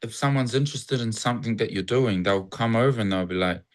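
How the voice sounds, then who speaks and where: A man's voice: lowish voice, quick pace. A man from New Zealand with a New Zealand accent, talking casually as a guest in a reflective, rambling way. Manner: rambling, reflective, acts out cheerful greetings. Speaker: interview guest. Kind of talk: casual conversation.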